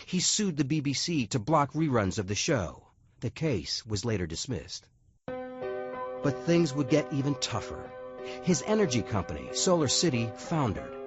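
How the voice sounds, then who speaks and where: A man narrates a documentary with a lively, rising and falling pitch and a measured, dramatic delivery. The audio sounds dull and lo-fi, with clear music playing under him. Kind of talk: scripted narration.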